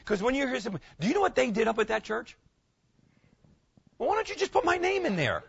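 A man's voice: very high voice, big pitch swings, quick pace, gravelly, pauses often, fairly bright tone, husky, muffled recording. A middle-aged male pastor preaching in a conversational way, often checking in with "okay?" and restarting his words. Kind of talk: sermon.

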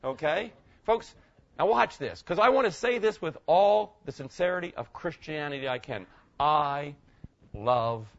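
A middle-aged man preaching a sermon as pastor, swinging between loud emphatic lines and hushed ones. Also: medium pitch, highs cut off. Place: church.

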